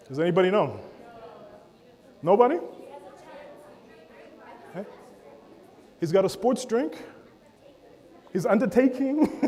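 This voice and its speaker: A man giving a lively keynote at a conference, joking with and calling on the audience in a large hall. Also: sits high. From Africa. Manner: energetic, playful, calls on the audience and jokes. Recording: long hall reverb.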